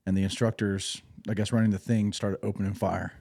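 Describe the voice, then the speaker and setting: A man's voice: lowish voice, little pitch movement, fairly quick, warm tone. Laid-back man swapping service stories. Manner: laid-back, rambling, profane, with restarts. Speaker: podcast host, former infantry Marine. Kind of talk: casual storytelling.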